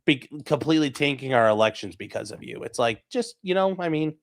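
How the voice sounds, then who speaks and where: A man hosts a casual livestream chat and talks in a lively, mocking way. He swears freely, and his voice jumps up whenever he gets worked up. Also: medium pitch, brisk, vocal fry. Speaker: host.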